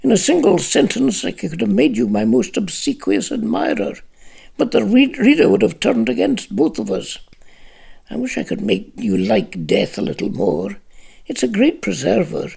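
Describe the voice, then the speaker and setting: A man's voice: sits high, huge pitch swings, moderate pace, vocal fry, darkish tone, breathy edge, heavily acted. A man reading a novel aloud and voicing a fussy, self-important, querulous male conjurer who is also an author. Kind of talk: audiobook character reading.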